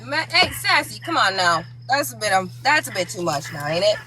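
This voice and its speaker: A woman's voice: medium pitch, sing-song, fairly quick, pushed and bright, slight background noise. A woman hosting a casual livestream chat, brash, profane and mocking. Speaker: livestream host.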